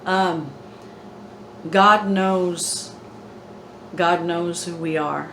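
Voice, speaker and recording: A woman in a casual faith discussion, speaking gently and reflectively. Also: lowish voice, steady tone, drawn-out words. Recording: echoey room, faint noise.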